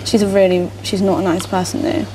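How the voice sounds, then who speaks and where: A woman's voice: medium pitch, little pitch movement, a little fast, a little mellow, faint music behind, poor audio. A British woman, a reality contestant, ranting bitterly and indignantly in a diary-room confession.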